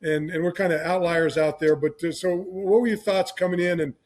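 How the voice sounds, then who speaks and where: A man's voice: high voice, steady tone, a little mellow. A man hosting a podcast interview, asking questions with many restarts and fillers. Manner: halting questions with many restarts, laughs along. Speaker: podcast host. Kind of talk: casual interview.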